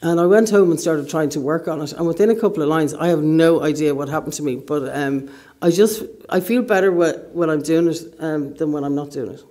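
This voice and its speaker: A woman's voice: low-pitched, brisk, hardly any pauses, warm tone. A middle-aged woman from Northern Ireland with a southern Irish accent, an author talking through a book-event interview with many ums and a self-deprecating manner.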